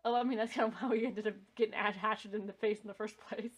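A woman's voice: mid-range voice, little pitch movement, fast. A woman co-hosting a podcast, chatting casually while they watch a movie, blunt, laughing often and swearing freely. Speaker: podcast co-host.

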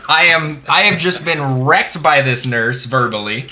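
A man's voice: on the high side, animated, a little slow, pushed and bright, echoey room. A man hosting a casual podcast, telling crude stories with lots of laughter. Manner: laughing, profane anecdote telling. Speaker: podcast host. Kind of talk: casual storytelling among friends.

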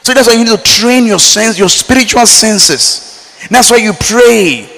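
High, bright-voiced preacher in a reverberant hall. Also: male voice, a little slow, vocal fry. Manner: animated preaching, swinging from loud emphatic lines to low quiet asides. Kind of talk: sermon.

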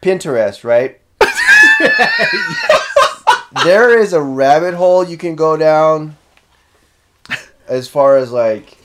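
A man in casual conversation who chats easily and asks quick clarifying questions. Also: on the high side, expressive, a little hiss or hum. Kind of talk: casual chat about movies.

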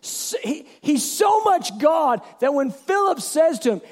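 A man pastor preaching a sermon in an animated storytelling way, bursting into shouts. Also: extremely high pitch, unhurried, few pauses.

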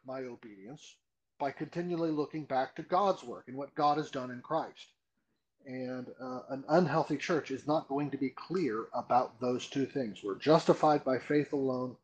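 A man's voice: fairly high pitch, rough recording. A man, a pastor being interviewed, explaining doctrine earnestly with rhetorical questions and emphatic repeats. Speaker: pastor guest. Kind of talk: conversational teaching interview.

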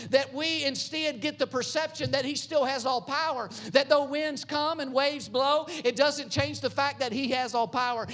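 A pastor preaches a sermon, building up to loud, high-pitched passages before dropping into soft, low, quiet lines.

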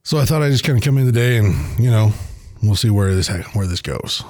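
A man's voice: on the low side, animated, brisk, a little mellow, dry recording, clean studio sound. A man hosting his own podcast, talking alone in a blunt, profane but earnest and reflective way. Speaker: podcast host. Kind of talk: casual solo monologue.

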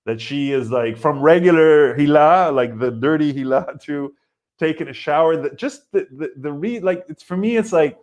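A comedian in his forties hosts a live comedy podcast, ranting and rambling with frequent restarts and fillers, and acting out quotes. His voice is on the high side and a little mellow, at a moderate pace.

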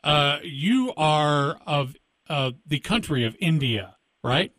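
A man's voice: a little high, lively intonation, takes it slowly, a bit bright, no room sound, clean studio sound. A man hosting a podcast, chatty and loose, laughing and introducing his guest. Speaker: podcast host. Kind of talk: casual chat.

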